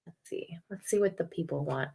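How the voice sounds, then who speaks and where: A woman's voice: lowish voice, fairly quick, gravelly, dark tone, slight background noise. A woman hosting a casual movie watch-party stream, chatty and self-deprecating. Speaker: livestream host.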